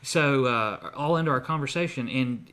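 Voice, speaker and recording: A man's voice: medium pitch, animated, normal speed, a bit bright. Man, podcast co-host, casual rambling story, plenty of ums and restarts. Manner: rambling storyteller with many fillers. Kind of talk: casual chat.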